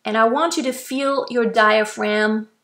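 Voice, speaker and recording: Woman vocal coach, slightly high, slow and patient teaching delivery. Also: steady tone, a bit bright. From Germany. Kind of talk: instructional explanation.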